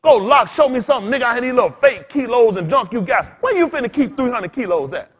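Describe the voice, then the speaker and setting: A man preaching in loose storytelling style as a pastor, blunt and cussing, laughing as he swings between loud bursts and quiet asides. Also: very high voice, big pitch swings, a little fast. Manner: blunt, street-talking, cussing. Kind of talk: storytelling sermon.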